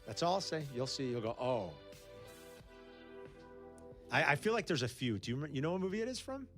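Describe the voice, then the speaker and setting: Male sports radio host, animated pitch, teasing banter, faint music bed. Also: fairly quick. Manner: teasing, exclamatory, lively. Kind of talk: casual studio banter. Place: radio studio.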